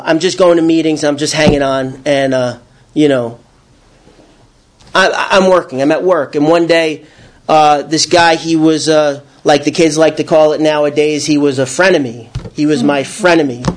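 A man with a notably high voice tells a personal story about his recovery. He rambles, stumbles into restarts, repeats words, and brings it alive by acting out his own shouting.

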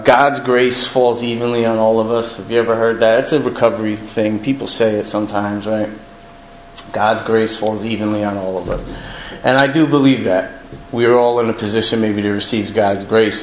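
A man's voice: on the low side, slight background noise. A man speaking candidly to a recovery meeting, telling his own story in a conversational, self-mocking way and often asking the room "right?". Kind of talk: personal recovery story told to a group. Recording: echoey room with faint ambience.

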